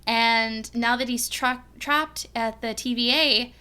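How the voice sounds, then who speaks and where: Excited bright-voiced young woman rambling. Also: a little high, slow, smooth. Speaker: fan reaction vlogger. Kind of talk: casual rambling reaction vlog.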